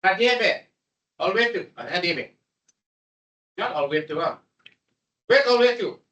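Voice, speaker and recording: A man giving a classroom programming lecture, animated and repetitive as he coaxes his students along. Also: high-pitched, unhurried, dull audio. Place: lecture room. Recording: voice distant from the mic.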